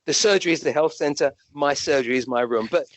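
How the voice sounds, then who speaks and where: Animated British doctor telling stories. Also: male voice, a little high, fast talker, no echo. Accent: British English. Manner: animated, rambling anecdotes with restarts and acted-out quotes. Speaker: guest, physician and medium. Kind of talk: conversational storytelling.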